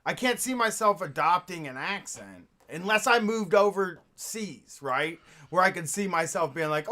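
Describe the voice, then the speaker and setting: A man's voice: high-pitched, expressive, a little slow, pushed and bright. A man hosting a call-in radio show, chatting brashly and swearing freely. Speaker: radio host. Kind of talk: casual chat.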